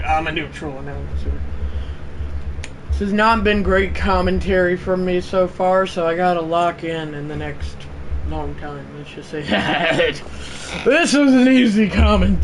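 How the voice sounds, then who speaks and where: Streamer, male, high-pitched, unhurried, mock play-by-play with loud call-outs and mumbled asides, home room, faint fan hum. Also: rough recording. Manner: swings between loud excited play calls and low offhand asides to chat. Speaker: livestream host. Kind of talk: mock play-by-play commentary on a football video game.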